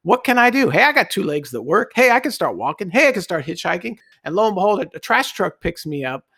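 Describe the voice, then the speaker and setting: A middle-aged man, a guest, telling a personal anecdote in a casual, animated way and acting out the voices he quotes. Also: high voice, quick pace, no echo, studio quality. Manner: animated storyteller who acts out quoted voices.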